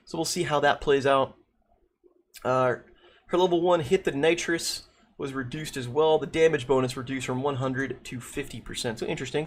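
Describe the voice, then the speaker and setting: A man casually reading and reacting to game patch notes, thinking aloud with many restarts, saying he is losing his voice. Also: a little high. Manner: thinking aloud with frequent restarts and repeated words. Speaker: gaming video creator.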